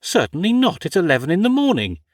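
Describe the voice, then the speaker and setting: A man's voice: sits high, huge pitch swings, quick pace, dry recording, clean studio sound, voice pushed up. A man voicing a prim, indignant young upper-class English lady with a clipped, huffy manner.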